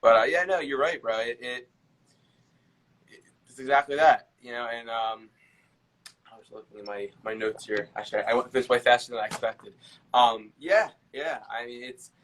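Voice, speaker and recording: A man's voice: mid-range voice, normal speed, fairly bright tone, a little hiss or hum. A man hosting a podcast, reflective and a bit hesitant, echoing and summing up his guest's points. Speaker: podcast host. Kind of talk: casual podcast chat.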